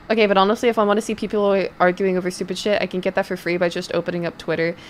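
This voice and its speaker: A woman's voice: medium pitch, little pitch movement, fast talker, slight background noise. Rambling young woman chatting on stream. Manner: rambling storytelling, lots of fillers and swearing. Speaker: streamer and voice actor. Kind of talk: casual chat on stream.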